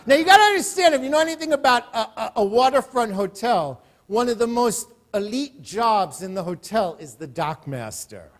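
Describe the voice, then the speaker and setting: High-voiced male pastor preaching. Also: very animated, moderate pace, few pauses, fairly bright tone. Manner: storytelling, repeats words when starting sentences. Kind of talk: sermon. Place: church service.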